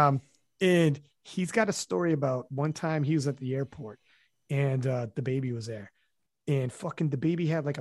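Profane, animated podcast host, a man. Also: a little high, no echo, clean studio sound. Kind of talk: casual chat.

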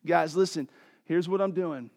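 Preacher guy, kinda high voice, chatty then fired up. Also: moderate pace, creaky, a little mellow. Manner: casual, conversational preaching that swells to impassioned pleading. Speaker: pastor. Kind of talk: sermon.

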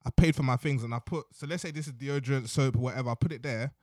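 A young man talks at a very rapid clip in a casual storytelling chat. His voice sits at an ordinary middle pitch and sounds dry and close. He is animated and slangy, and he keeps checking in with his listener. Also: dry recording. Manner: animated, slangy, repeats "innit" and "you know what I mean".

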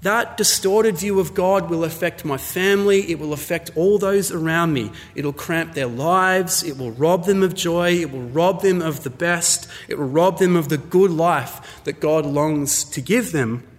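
A man delivers a sermon in a relaxed, conversational way, telling stories and acting out little exchanges as he goes. His voice sits a little higher than most men's. Long reverb trails his words around a large hall. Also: measured pace, few pauses. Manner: conversational, storytelling, acts out voices in anecdotes. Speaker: pastor.

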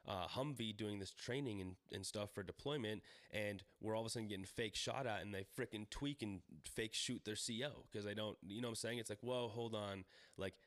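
A man's voice: fairly low pitch, a little fast, hardly any pauses, a bit bright, no echo. A man in his thirties co-hosting a podcast, talking casually in a rambling, profane way full of fillers and restarts. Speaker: podcast co-host.

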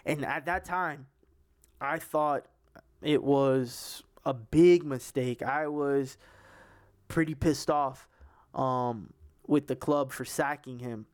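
A man's voice: medium pitch, takes it slowly. A young man hosting a casual sports podcast, rambling with many restarts and fillers. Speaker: podcast host.

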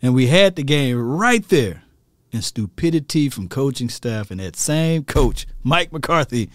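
A man's voice: medium pitch, expressive, unhurried, dry recording, clean studio sound. A man ranting animatedly about football as a fan commentator, laughing at himself.

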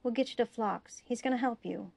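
A woman's voice: a little high, brisk, gravelly, a little mellow, pitched above the performer's own voice. A woman reading a worried male engineer who pleads urgently with a dying friend. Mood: pleading.

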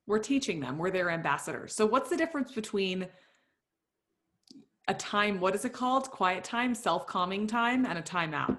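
A woman's voice: medium pitch, expressive, normal speed, a bit bright. A woman hosting a casual chat, asking curious, supportive questions.

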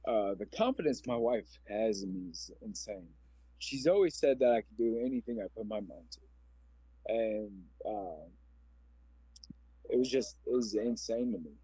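Mellow-voiced man in his forties telling his story. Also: lowish voice, animated, normal speed, husky, no room sound. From Omaha, Nebraska, USA. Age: 40s. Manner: earnest, rambling, emotional storyteller. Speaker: podcast guest. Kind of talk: personal storytelling interview.

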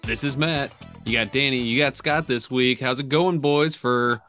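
A man's voice: medium pitch, normal speed, over music. A man hosting a casual podcast who opens the show and makes dry wisecracks. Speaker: podcast host. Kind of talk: casual chat.

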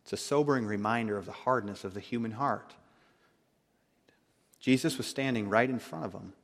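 A man preaching a sermon, emphatic, swinging between loud declarations and hushed tones. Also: fairly low pitch, normal speed, creaky, in a large hall.

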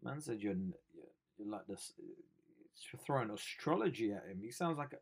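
A man's voice: fairly low pitch, lively intonation, moderate pace, slightly rough. A young man, riffing sarcastically on news stories as host of a comedy show. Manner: joking, sarcastic, slangy.

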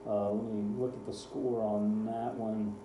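A man's voice: fairly low pitch, level tone, a little slow, roomy sound, noisy background. A man co-hosting a casual sports talk show, running through game scores with dry sarcasm. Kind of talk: casual radio sports chat.

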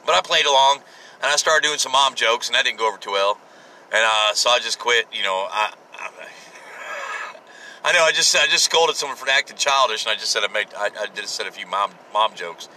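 A blunt man in his forties rambles through a solo podcast monologue, swearing freely and restarting his sentences. His voice is very bright and forceful, with a hard, sharp edge. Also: medium pitch, a little fast, slight background noise, poor audio. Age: 40s. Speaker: podcast host.

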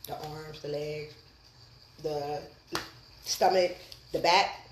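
A woman's voice: deep voice, steady tone, slow pace, roomy sound, slight background noise, rough recording. A woman who runs a massage business, a guest on a podcast, chatting in an easygoing way and laughing often. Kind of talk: casual podcast interview.

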